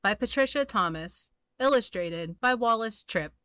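A woman reading a rhyming children's picture book aloud in a steady rhythmic way. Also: medium pitch, clear, resonant tone, dry recording. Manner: slow, rhythmic rhyming delivery. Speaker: storybook reader. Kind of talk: children's story read-aloud.

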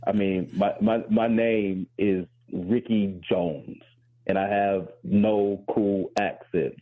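Low husky male host, candid and reflective. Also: phone-quality sound. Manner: candid, reflective, with repeated restarts. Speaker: host and professor. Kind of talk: talk show discussion.

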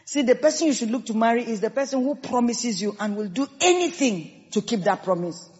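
High-voiced Nigerian preacher in a reverberant hall. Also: female voice, brisk. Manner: emphatic, lively preaching with quoted asides. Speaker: pastor. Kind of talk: sermon. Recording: dull sound with long hall reverb.

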